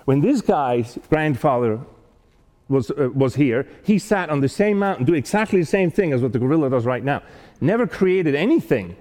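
A man giving a talk, telling a personal story in an earnest, animated way with frequent restarts. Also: mid-range voice, moderate pace, big-room sound. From not American-born.

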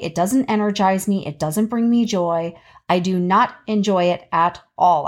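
A middle-aged woman hosting a podcast, talking in a chatty, candid and emphatic way. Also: mid-range voice. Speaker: podcast host. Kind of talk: casual podcast monologue.

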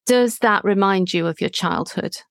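Gentle female therapist, dry close sound. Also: mid-range voice, normal speed, gravelly, no echo. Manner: gentle, reflective, guiding. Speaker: therapist and podcast host. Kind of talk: therapy session dialogue.

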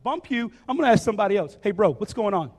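A man's voice: high-pitched, fast, long reverb tail. A man voicing a brash teenage shepherd boy who talks in casual slang. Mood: indignant. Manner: slangy, excited, calls people bro.

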